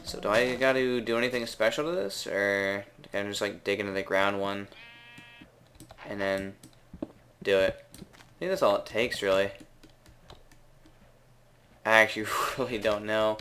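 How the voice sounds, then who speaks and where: Rambling young Canadian gamer. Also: male voice, lowish voice, fairly even intonation, bright, forceful tone, a little hiss or hum. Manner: rambling, unsure, drawn-out words, laughs at himself. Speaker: gaming video maker. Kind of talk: casual gameplay commentary.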